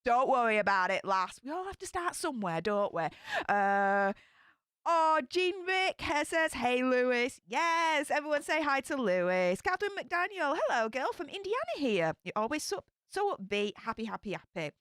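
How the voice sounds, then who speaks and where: Young yorkshire woman, livestream host, bouncy swooping voice, slightly high, dry close sound. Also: normal speed, no echo. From Yorkshire, England. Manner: upbeat, chatty, bursts of excitement. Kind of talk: casual livestream chat reading comments.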